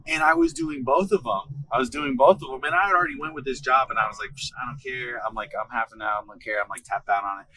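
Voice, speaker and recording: Brisk, bright-voiced man telling a story. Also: medium pitch, poor audio. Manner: animated, swears casually, acts out the bosses' lines. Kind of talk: casual storytelling chat. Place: car.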